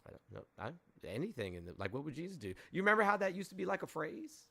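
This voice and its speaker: A man's voice: fairly high pitch, very animated, fast talker, vocal fry, bright, forceful tone. A man arguing casually on a call-in show, blunt and skeptical, answering with curt denials. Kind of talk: casual debate.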